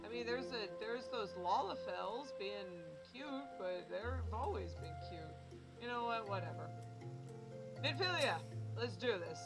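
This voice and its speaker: A woman's voice: medium pitch, animated, measured pace, over loud music. A young woman streaming a game, giving casual commentary with playful, self-mocking asides.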